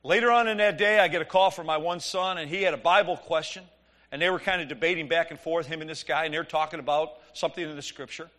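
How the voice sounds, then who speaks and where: A middle-aged man preaching, telling an animated, joking story and acting out the dialogue. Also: on the high side, fast talker. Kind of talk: sermon storytelling.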